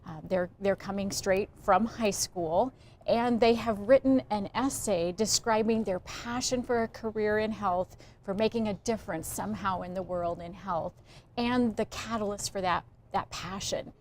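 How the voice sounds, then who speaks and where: A woman university chancellor speaking in an articulate, earnest way, at a medium pitch. Faint ambient noise sits under her interview answers. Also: normal speed, darkish tone.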